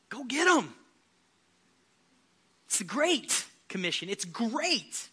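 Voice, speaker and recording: A male pastor preaching a passionate sermon, building to loud, emphatic shouts. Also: extremely high pitch, big pitch swings, slow, pauses often, breathy edge.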